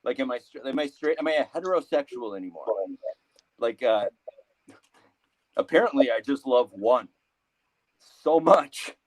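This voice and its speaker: A man in his thirties telling a rambling stand-up story, halting, full of fillers and restarts. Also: medium pitch, lively intonation, no room sound, rough recording. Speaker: comedian.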